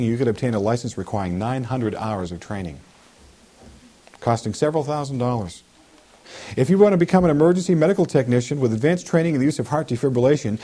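A man preaching a sermon in an animated way, with humorous asides. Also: medium pitch.

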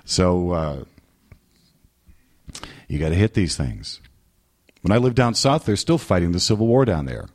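A man from New England preaching a sermon as pastor, animated and joking, slipping into mimicry. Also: deep voice, a little slow, long pauses.

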